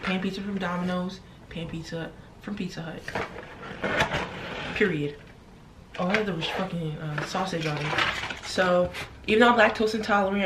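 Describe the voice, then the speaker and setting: A woman's voice: lowish voice, far from the mic, heavy background noise. A young woman telling a story casually while eating in her bedroom, blunt and chatty, swearing freely. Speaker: vlogger.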